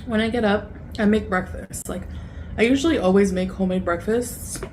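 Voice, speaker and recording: A woman's voice: mid-range voice, normal speed, darkish tone, a little hiss or hum. A woman in a food vlog casually describing her meal and her breakfasts. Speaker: food vlogger. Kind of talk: casual chat.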